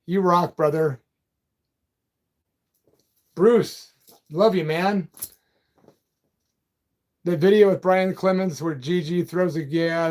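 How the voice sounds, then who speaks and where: A man hosting a casual live chat, reading out viewer comments in a loose, friendly way and calling people brother and man. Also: a little high. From Peoria, Illinois. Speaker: livestream and radio host.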